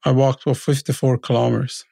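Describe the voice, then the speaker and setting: Gravelly middle-aged man telling his story. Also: medium pitch, level tone, mellow, dry recording. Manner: halting, repeats words, acts out quoted voices. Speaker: storyteller recalling his immigration. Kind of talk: casual spoken memoir.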